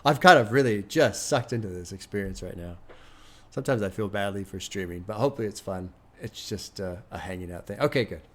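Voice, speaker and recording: Reacting to music on his stream, a man talks casually and candidly, swearing, chatting, and slipping into short rants. He brings up his son. His expressive voice sits on the low side, and he speaks briskly.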